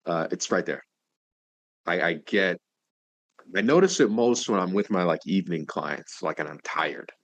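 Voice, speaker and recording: A young man with a fairly low voice chats as a podcast guest. He is loose and animated, swears often and leans on fillers. The sound is dry and close. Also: normal speed, long pauses, dry recording, highs cut off. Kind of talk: casual conversation.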